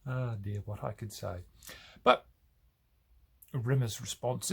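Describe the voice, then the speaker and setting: An Australian man talking to camera in a casual vlog, hesitant and pausing often. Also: medium pitch, steady tone, creaky, breathy edge. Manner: hesitant, with many pauses and fillers. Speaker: video creator.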